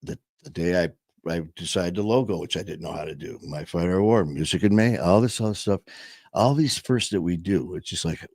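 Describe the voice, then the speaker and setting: A man's voice: low-pitched, brisk, gravelly, darkish tone, dry recording, clean studio sound. A man hosting his own show, talking in a rambling, emphatic way and swearing often as he reflects casually. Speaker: show host.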